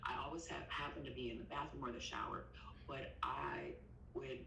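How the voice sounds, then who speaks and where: A low-pitched woman tells her personal story openly and frankly as a podcast guest. She is on a video call from an echoey room, with a faint hum behind her. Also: steady tone, moderate pace, gravelly, pushed and bright.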